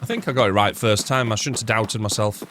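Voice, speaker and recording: A man streaming a shooter game live, rambling and thinking out loud, chatting to his viewers with jokey asides and casual swearing. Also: fairly low pitch, fairly quick, a little hiss or hum. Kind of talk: live gameplay commentary.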